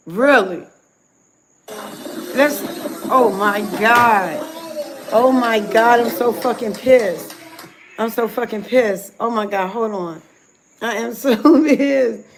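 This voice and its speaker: Woman venting angrily on a live stream, cursing constantly, voice sits a little high. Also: a little hiss or hum. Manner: furious, profane, venting. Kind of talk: angry livestream rant.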